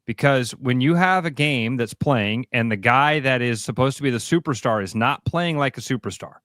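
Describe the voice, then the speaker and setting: A man's voice: medium pitch, normal speed, a bit bright, dry recording, clean studio sound. Emphatic Midwestern sports radio man. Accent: American Midwest. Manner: emphatic, repetitive, preachy riffs. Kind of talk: opinionated sports talk. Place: radio studio.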